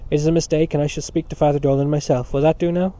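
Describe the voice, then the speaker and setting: A man voicing a kindly older priest who heads a school, speaking gently and reassuringly. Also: on the high side, steady tone, very fast, close to an everyday voice. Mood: gentle. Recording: dull lo-fi recording.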